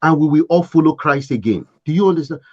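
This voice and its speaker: Brief: pushy young pastor's daughter, put on by a man, higher and coaxing, muffled sound. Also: expressive, fast, darkish tone. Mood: insistent. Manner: insistent, coaxing. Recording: dull lo-fi sound.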